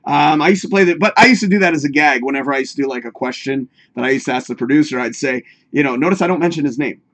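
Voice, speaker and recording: A man's voice: medium pitch, rapid-fire, a bit bright. A man hosting a live talk show in casual, rambling chat, swearing freely and talking straight to his viewers.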